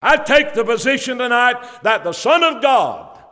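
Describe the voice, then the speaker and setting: A man's voice: extremely high pitch, very animated, a little slow, bright, forceful tone. A man preaching a sermon and quoting scripture in old King James wording, with fervent, rising emphasis. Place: church. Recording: long church reverb.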